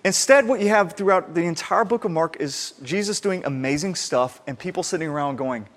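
A man preaching a sermon in an animated way, acting out the people he quotes. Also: on the high side, a little fast, hardly any pauses. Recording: reverberant hall sound.

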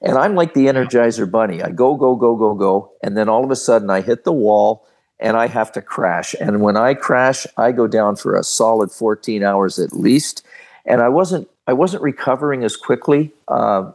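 An older man, a former hockey referee, telling personal stories as an interview guest in an animated, folksy way. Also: medium pitch, moderate pace. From Canada. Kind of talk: storytelling in an interview.

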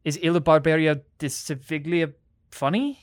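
A young actor playing an earnest, shy teenage boy in a radio drama, eager but quickly defensive. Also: on the high side, natural voice.

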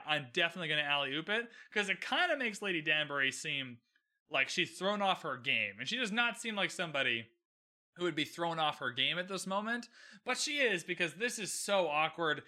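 A man in his twenties hosting a solo podcast recap, talking animatedly with many restarts and "like" fillers and acting out characters' lines. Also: high voice. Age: 20s. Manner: animated, acts out characters' lines in quick bits. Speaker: podcast host.

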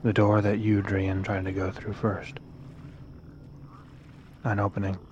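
A man guiding a tabletop game as game master, his voice low and held to a flat, even line. He narrates slowly and deliberately, and a noisy recording hisses behind him. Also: dull audio. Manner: slow, measured narration.

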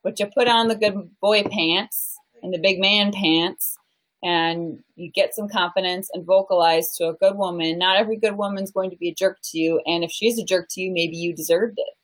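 A woman in her thirties, a relationship coach talking candidly as an interview guest, animated and jokey, running off on tangents and filling with "you know" and "like". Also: lowish voice, normal speed, poor audio. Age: 30s.

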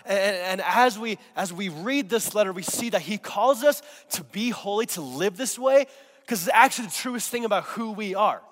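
A man's voice: sits high, lively intonation, normal speed, fairly bright tone. A male pastor preaching a sermon while getting over a cold, drawing the congregation into call-and-response. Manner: call-and-response, prompting the congregation to repeat words. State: recovering from a cold. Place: church sanctuary. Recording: long hall reverb.

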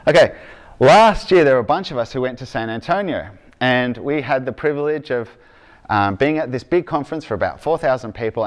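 A man with an Australian accent, raised in Argentina, preaching a sermon in a casual, storytelling way that keeps checking in with the congregation. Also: mid-range voice. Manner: conversational, checks in with "okay?" and "right?".

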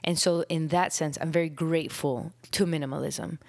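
A young adult woman hosting her own podcast, a little out of breath, talking in an earnest, reflective way, with phrases trailing off into soft breathy whispers. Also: low voice, fairly even intonation, moderate pace, no room sound, studio quality. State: out of breath after illness. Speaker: podcast host. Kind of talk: casual solo podcast talk.

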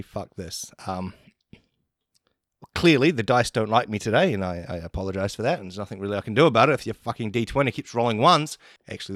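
A man spins a rambling comic story and swears freely as he goes. His voice is bright and crisp, and his pitch leaps around as he tells it. He is recorded close, with a dry sound. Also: no room sound. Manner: profane, rambling, animated. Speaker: comedy podcast host.

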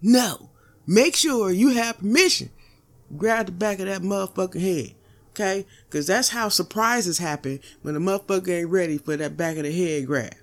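A woman's voice: lowish voice, normal speed. A young woman hosting a podcast, giving a blunt, profane comedic monologue full of teasing rhetorical asides. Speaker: podcast host.

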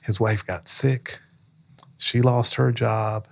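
A man's voice: medium pitch, steady tone, slow pace, gravelly. A man, a county manager being interviewed, answering in an earnest conversational way, telling stories and often checking in with "right?". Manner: earnest, storytelling, frequent "right?" check-ins.

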